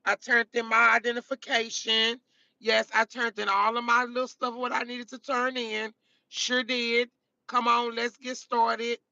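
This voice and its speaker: A woman's voice: on the high side, little pitch movement, a little slow, sharp tone, no echo, muffled recording. A woman chatting casually to her viewers on a live stream from a car, emphatic and repetitive, calling them baby, honey and girl.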